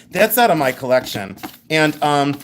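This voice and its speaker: A woman's voice: sits low, very animated, a little slow, slight background noise. A middle-aged woman hosting a live jewelry sale in a chatty, joking way, laughing often. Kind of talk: live-stream sales chat.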